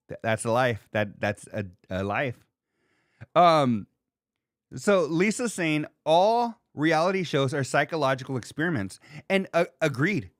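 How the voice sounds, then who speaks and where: A man in his thirties hosting a podcast in casual chat, animated and profane, reading comments from a live chat. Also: fairly high pitch, a little slow, pauses often, no echo, clean studio sound. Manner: animated, profane, laughs and mimics people. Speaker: podcast host.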